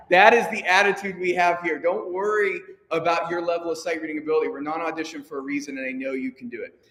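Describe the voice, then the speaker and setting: High-voiced choir director in an echoey hall. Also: male voice, a bit bright. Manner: upbeat and encouraging, counting the choir in. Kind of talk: choir rehearsal instruction. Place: rehearsal hall. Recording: echoey hall with long reverb.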